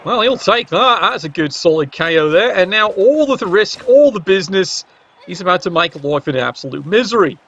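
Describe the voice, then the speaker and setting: A man's voice: high-pitched, animated, moderate pace, fairly bright tone, faint music behind. A man giving play-by-play commentary on a match, with dry joking asides. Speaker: game commentator. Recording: dull lo-fi recording.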